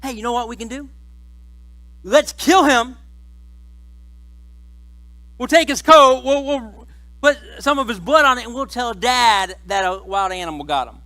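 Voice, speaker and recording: A man preaching a sermon voices jealous young brothers who scheme eagerly, a little louder and higher than his own voice. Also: a little slow, pauses often, no room sound, full character voice. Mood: scheming. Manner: eager, conspiratorial.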